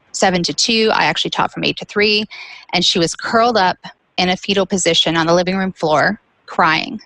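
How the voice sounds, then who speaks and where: A woman's voice: fairly low pitch, a bit bright, no room sound, rough recording. A woman guest telling a personal caregiving story, candid, with light laughs between serious points.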